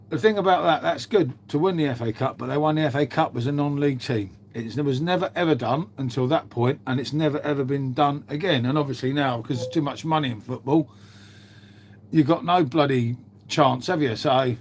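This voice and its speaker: A man's voice: medium pitch, a little hiss or hum. A man, chatting casually on a live stream, swearing freely and bantering as he answers viewers' chat. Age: 50s.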